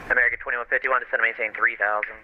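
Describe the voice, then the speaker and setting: A man working as an air traffic controller, giving fast clipped radio instructions and correcting himself as he goes. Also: medium pitch, level tone. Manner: brisk, self-correcting. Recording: tinny radio transmission.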